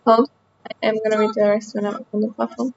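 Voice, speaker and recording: A woman's voice: a little high, level tone, fast, lo-fi sound. A woman with a light Austrian accent, chatting casually with her stream chat while playing a game, rambling as she goes.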